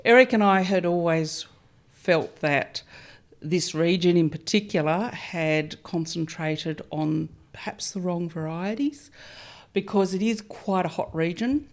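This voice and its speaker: A woman's voice: on the low side, a little slow. A middle-aged Australian woman from Melbourne, a winemaker, answering interview questions in a chatty, self-deprecating way with small hesitations. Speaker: winemaker, guest.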